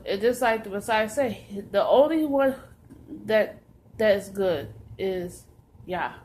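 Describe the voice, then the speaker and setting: Slow, emphatic woman preaching. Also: mid-range voice. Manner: emphatic, repeating phrases for stress; halting, restarts often. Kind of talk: religious exhortation.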